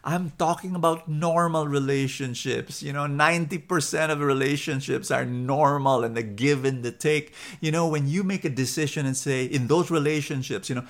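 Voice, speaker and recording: A man's voice: mid-range voice, moderate pace. A man with a Filipino accent preaching a sermon, telling a story and repeating points for emphasis. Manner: animated, repetitive, emphatic, laughs easily.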